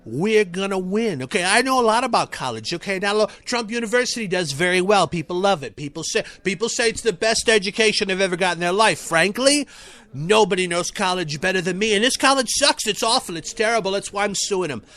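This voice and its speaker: Brief: boastful rambling politician , played by a male impressionist, high, bright delivery, faint crowd behind. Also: expressive, a little fast. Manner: boastful, rambling, repetitive phrasing. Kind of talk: satirical impression sketch.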